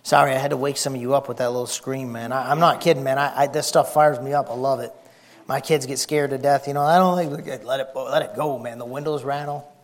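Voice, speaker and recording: A man preaching a folksy, excitable sermon, shouting and whispering for effect. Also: mid-range voice, a little fast.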